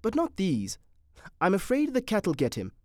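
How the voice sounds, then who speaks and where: A reader voicing a gentle, soft-hearted wife who is squeamish but kind, with a high, animated, tender delivery. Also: female voice, normal speed, no room sound, clean studio sound. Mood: fond, lively.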